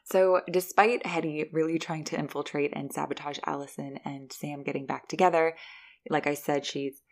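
A woman hosting a podcast, giving a chatty, animated recap of a movie. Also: low-pitched, normal speed, vocal fry. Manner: chatty, animated storytelling with laughs. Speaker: podcast host reviewing a film.

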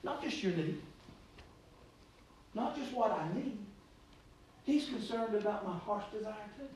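A man preaching a sermon, rambling through anecdotes and then rising to loud exhortation. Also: high voice, expressive, a little slow. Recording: echoey room, distant mic, faint noise.

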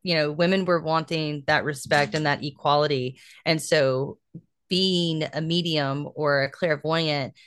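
Low-voiced chatty young woman. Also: steady tone, measured pace, a bit bright, slight background noise. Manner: chatty, laughs easily, lots of fillers. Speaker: podcast co-host. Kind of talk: casual chat.

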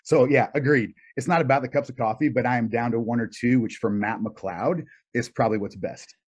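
A man's voice: mid-range voice, fairly quick, a little mellow, breathy edge. A middle-aged man answering interview questions in a thoughtful, easygoing way, laughing often. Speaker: guest. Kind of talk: casual interview chat. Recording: dull lo-fi sound.

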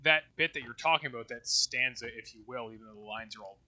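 Male co-host with a bright, sharp timbre; loose, rambling conversational delivery. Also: mid-range voice, quick pace. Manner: loose and rambling, with restarts and swearing. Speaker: podcast co-host. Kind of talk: casual discussion of poetry.

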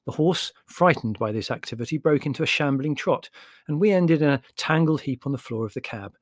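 Male audiobook narrator, mid pitch, expressive and measured, dry close recording. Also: no echo. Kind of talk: scripted narration.

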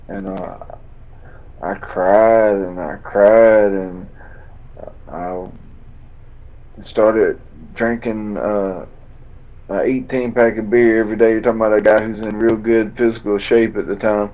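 A man, a fighter telling a painful story in an interview, drawling and halting as he acts out old conversations. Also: lowish voice, flat delivery. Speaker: bare-knuckle fighter guest. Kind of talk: emotional storytelling in a podcast interview. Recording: dull lo-fi audio.

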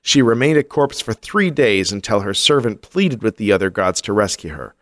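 A man's voice: fairly low pitch, animated, normal speed, no room sound, clean studio sound. A man co-hosting a podcast, telling myths casually and breaking off with jokey asides. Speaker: podcast co-host. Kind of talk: casual storytelling chat.

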